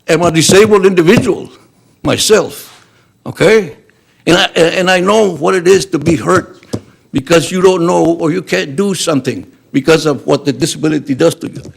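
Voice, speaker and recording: A man's voice: a little high, normal speed, creaky, husky. An older man speaking in public comment at a school board meeting, upset and emphatic, apologizing for speaking so strongly and running out of breath.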